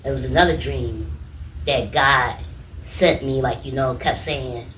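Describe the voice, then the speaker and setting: Animated man telling stories in a roomy space. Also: medium pitch, a little slow, a little hiss or hum. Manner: animated, repeats "you know what I'm saying", acts out quotes. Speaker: guest, comedian and artist. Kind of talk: casual storytelling in an interview. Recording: roomy, distant mic, faint ambience.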